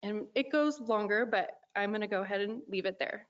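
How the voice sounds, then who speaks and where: A woman's voice: mid-range voice, brisk. Earnest young woman reading a comment. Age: young adult. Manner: earnest, heartfelt. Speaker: public commenter. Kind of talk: reading a prepared public comment. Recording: dull lo-fi meeting audio.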